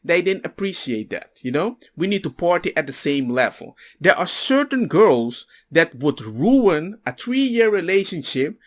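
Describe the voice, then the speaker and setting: A commentator delivers a casual monologue of personal stories, animatedly acting out other people's lines. His slightly high voice is unhurried, with hardly any pauses.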